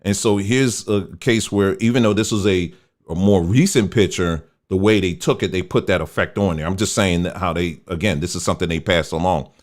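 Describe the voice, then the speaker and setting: Man, deep voice, casual commentary, folksy. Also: a little fast. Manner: conversational, folksy, mocks others in quoted voices. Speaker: host. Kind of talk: casual commentary on pictures shown on screen.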